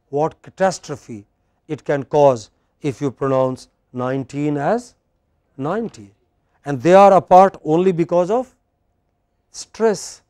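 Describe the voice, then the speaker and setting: Brief: middle-aged Indian English lecturer, higher male voice, dry close sound, drills and quizzes the class. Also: a little mellow, no echo. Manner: quizzing students, repeating words for drill. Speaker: English pronunciation teacher.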